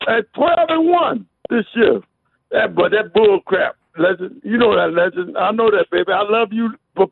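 A man's voice: very high-pitched, creaky, no echo. A man calling in to a sports radio show, rambling and repeating himself. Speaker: caller. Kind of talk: excited call-in banter. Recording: dry tinny phone line.

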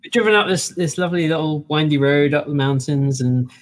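A man's voice: on the high side, a little fast. A man in casual chat, telling a story in a rambling way, with many fillers and restarts.

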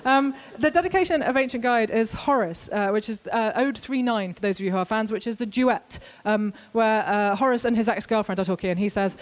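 A woman giving a live talk to an audience as a guest author, witty and brisk with deadpan asides. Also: a little high. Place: event venue with a live audience.

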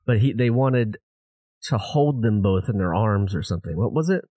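Male podcast co-host, halting and filler-heavy, with a dry, close sound. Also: on the low side, animated, dark tone, no echo. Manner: hesitant, filler-heavy recounting. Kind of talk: casual chat. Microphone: video chat.

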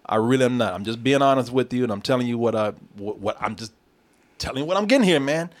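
A man's voice: medium pitch, fast. A man casually reviewing a movie with a co-host, joking, swearing and laughing often. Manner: animated, laughing, swearing, does mock voices.

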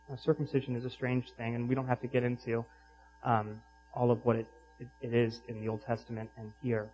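A man preaching a sermon in an animated, emphatic way, with rhetorical questions to the congregation. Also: mid-range voice, fairly quick, highs cut off, faint music behind. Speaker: pastor.

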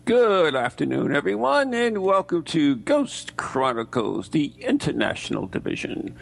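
A man hosting a podcast, teasing his co-host in sarcastic, drawn-out banter. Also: a little high, very animated, vocal fry.

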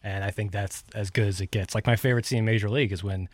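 A young male co-host on sports radio, talking in loose, rambling sentences full of "like". His voice sits a bit low. The studio sound is close and dry. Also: fairly even intonation, fast, no echo. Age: young adult. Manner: rambling, heavy use of "like", defensive. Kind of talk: casual sports radio banter.

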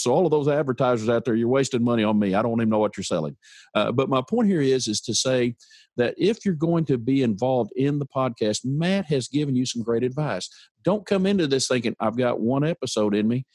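A man with a Southern American accent hosting a casual podcast chat, joking and folksy with a drawn-out delivery. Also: medium pitch, darkish tone, dry recording, clean studio sound. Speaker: podcast host. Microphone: headphones and studio mic.

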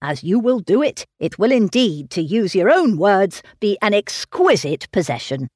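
A woman voicing a gallant, fawning young gentleman, effusive and flattering in a slow, eager manner. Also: mid-range voice, slightly rough, no echo, clean studio sound. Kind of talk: audiobook character reading.

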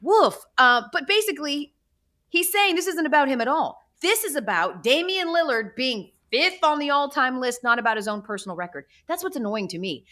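A woman in her thirties hosts a casual podcast chat. She tells stories with sarcastic asides, and her pitch swings widely. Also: moderate pace. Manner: animated, chatty storytelling with sarcastic asides. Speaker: podcast host.

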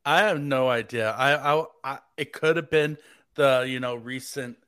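A man's voice: mid-range voice, unhurried, pushed and bright, clear, resonant tone, no room sound, clean studio sound. A man hosting a sports podcast, talking in a joking, rambling, playful way. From United States. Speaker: fill-in podcast host. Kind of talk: casual sports podcast banter. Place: living in Tampa, Florida.

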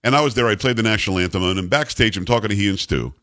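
With a fairly low voice and very fast delivery, a middle-aged American talk radio host from the United States trades sarcastic, opinionated riffs with his co-host in an animated way.

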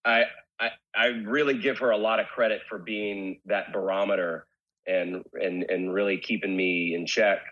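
Low husky-voiced man, candid guest. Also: fairly even intonation, moderate pace, lo-fi sound. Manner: candid, rambling with many restarts. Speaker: guest, rock singer. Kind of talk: casual interview chat.

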